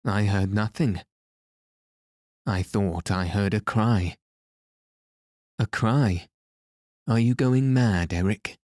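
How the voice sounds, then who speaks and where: A man's voice: on the low side, a little mellow, no room sound, studio quality. A man reading the lines of a frightened young woman in an audiobook, pleading and anxious.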